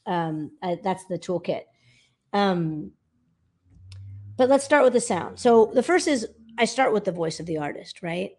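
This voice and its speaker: Brief: woman vocal coach, middle pitch, lively and animated, casual interview guest. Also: a little slow. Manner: animated, demonstrates by singing snippets.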